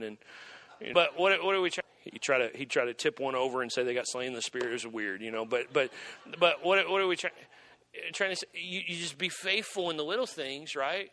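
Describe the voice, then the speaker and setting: Guy preaching a sermon, high voice, real bright and forceful, jokey, keeps restarting lines. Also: a little fast. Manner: animated, joking preaching with many restarts. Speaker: pastor.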